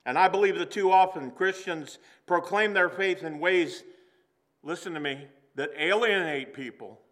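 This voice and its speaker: A man preaching a sermon to a congregation in a church, earnest and slowing down for emphasis. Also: sits high, a bit bright. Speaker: pastor. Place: church sanctuary.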